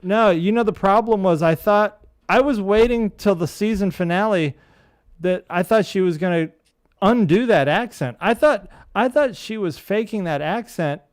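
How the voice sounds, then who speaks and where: A man's voice: high voice, moderate pace, no room sound, studio quality. A man in casual podcast chat, giving blunt opinions about television shows.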